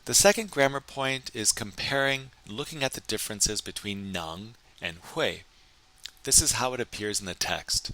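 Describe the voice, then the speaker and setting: A man teaching a recorded Chinese grammar lesson, explaining in English and slowly modeling sentences in Chinese. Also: on the low side, animated, pushed and bright.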